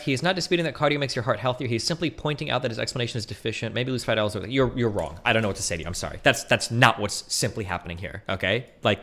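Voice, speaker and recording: A man streaming fast, heated commentary, arguing and swearing, with frequent "right?" and "okay?" tags. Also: mid-range voice, bright, forceful tone. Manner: argumentative, profane, rhetorical "right?" tags. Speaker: streamer debating online.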